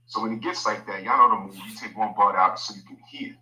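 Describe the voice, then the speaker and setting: A man tells a personal story casually and with animation, often turning aside to speak to his listeners. His voice sits low but sounds very forceful and sharp. It is a clip played back, with a roomy echo around it. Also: steady tone, quick pace. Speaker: guest telling a story. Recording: echoey room, played from a video.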